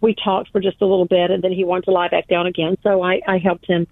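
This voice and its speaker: In a phone interview, a guest author recounts a personal story at a quick pace, her fairly low voice holding a level tone. She's earnest and emphatic, often repeating phrases for weight. The audio is a tinny, dry phone line with no room sound.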